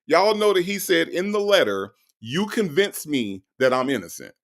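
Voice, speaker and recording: Gravelly-voiced man, livestream host, animated and slangy, lively swings in pitch. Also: normal speed. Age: 40s. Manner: animated, loud bursts, laughing, slangy. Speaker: livestream host reading chat. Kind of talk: casual livestream commentary.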